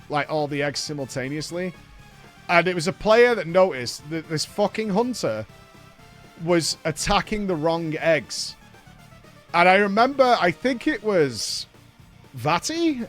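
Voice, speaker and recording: A man talks casually to his stream, his voice sitting fairly high. He rambles, swears freely and stops now and then to thank viewers, with faint music in the background. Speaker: streamer and show host. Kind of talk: casual live-stream storytelling.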